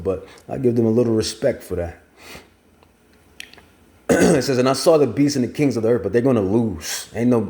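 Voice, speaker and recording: In a mellow, rather low voice, a man teaches scripture, reading and preaching at length. He rambles and repeats phrases for emphasis, among other features.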